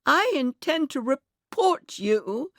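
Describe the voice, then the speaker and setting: A woman's voice: sing-song, moderate pace, darkish tone, dry recording, studio quality. A woman doing a shaky, frightened old lady. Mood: indignant. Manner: high, tremulous, rising to panicked screams. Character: frightened elderly woman dreaming of her toys.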